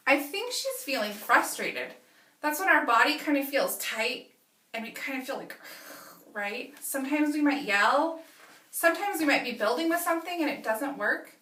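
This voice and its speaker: A woman teacher reading a picture book aloud to young children, stopping often to ask them animated questions. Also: high voice, normal speed, far from the mic. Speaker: preschool teacher. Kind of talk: children's story read-aloud lesson. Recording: echoey room, away from mic.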